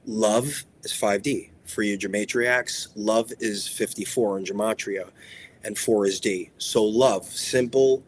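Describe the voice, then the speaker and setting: A man's voice: lowish voice, steady tone, a little slow, slight background noise. A man hosting a motivational spiritual talk, emphatic and repetitive in a preacherly way. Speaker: spiritual speaker and show host.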